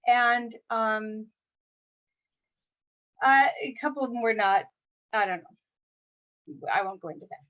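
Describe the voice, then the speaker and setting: A woman's voice: on the high side, slow, long pauses. Middle-aged woman, lo-fi call audio. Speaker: author.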